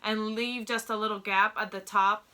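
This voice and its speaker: A woman's voice: mid-range voice, little pitch movement, moderate pace, bright, forceful tone, clear, resonant tone. A young adult woman giving a casual sewing tutorial, chatty and openly nervous, with many filler ums. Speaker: sewing pattern instructor.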